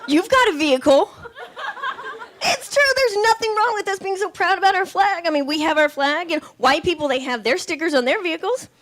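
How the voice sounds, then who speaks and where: A woman's voice: very high-pitched, fast, few pauses, a bit bright. A woman doing a stand-up comedy set on a club stage, punchy and sassy, slipping into impressions of relatives and men.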